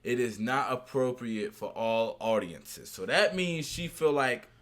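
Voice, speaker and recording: A man's voice: medium pitch, measured pace. A man hosting a reaction video, commenting casually and breaking in with exclamations. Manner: animated, exclaims and interrupts.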